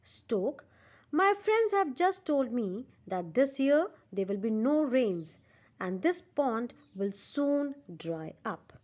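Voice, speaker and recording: A woman's voice: fairly high pitch, very animated, slow pace, a little mellow. A woman teacher voicing a cunning, thin old male stork who speaks sadly and slyly. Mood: sly, mournful. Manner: sad, sly pleading. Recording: dull lo-fi recording.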